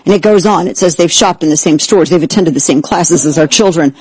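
A man hosting a talk show, excitable and sarcastic, who keeps breaking into exaggerated impressions. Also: fairly high pitch, fairly quick, husky, dry recording, low-quality recording. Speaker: host. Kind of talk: animated political talk show banter.

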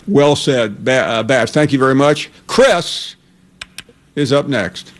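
Male radio host, middle pitch, casual conversational delivery. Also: expressive, slow. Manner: conversational, hesitant with fillers. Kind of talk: sports talk radio.

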